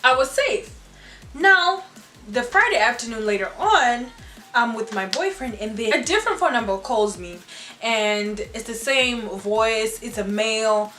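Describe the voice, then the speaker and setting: A young adult woman telling a storytime vlog in an animated, chatty way, full of "like" and "you know". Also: fairly high pitch, normal speed. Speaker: vlogger. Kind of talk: casual storytime chat. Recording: roomy room with faint music.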